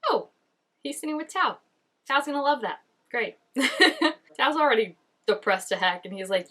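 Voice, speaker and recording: A woman hosting a casual reaction video, chatty and animated, with lots of filler words and quick laughs. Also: high voice. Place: indoors at home, changing daylight.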